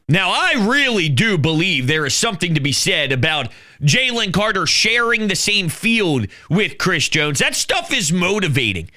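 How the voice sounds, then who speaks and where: A man's voice: high-pitched, sing-song, moderate pace, sharp tone. A man with a Philadelphia accent hosting a sports podcast, talking in a hyped, emphatic way. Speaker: podcast host. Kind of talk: excited sports talk.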